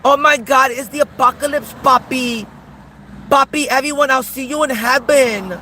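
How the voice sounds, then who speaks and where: A man putting on a whiny, shrill, pleading voice for a mocking impression of another grown man. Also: steady tone, measured pace, bright, forceful tone, slight background noise, full character voice. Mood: overexcited.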